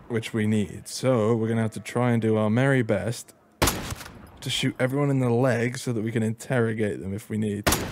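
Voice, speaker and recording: Excitable man doing gameplay commentary. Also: medium pitch, noisy background. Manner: excitable, exclaiming and joking. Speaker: gaming YouTuber.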